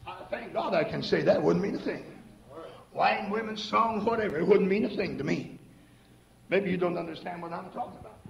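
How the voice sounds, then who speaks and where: A man preaches with fervor, his voice pitched very high and thick with gravel. He moves from shouting down to low asides. The sound comes from an echoey 1970s recording of a church sanctuary. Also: highs cut off. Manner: fervent, rising to shouts and dropping low. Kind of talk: sermon.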